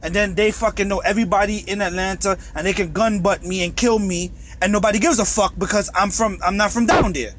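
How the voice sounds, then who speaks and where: A man's voice: sits high, steady tone, a little fast, hardly any pauses, fairly bright tone, a little hiss or hum. A truck driver with a New York accent, ranting in a bitter, profane monologue from inside his truck cab.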